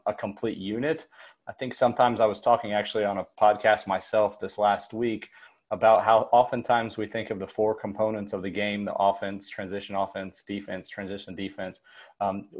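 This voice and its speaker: A man hosting a basketball coaching podcast, setting up his questions with steady, organized lead-ins. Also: on the low side. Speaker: podcast host. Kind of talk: interview questions.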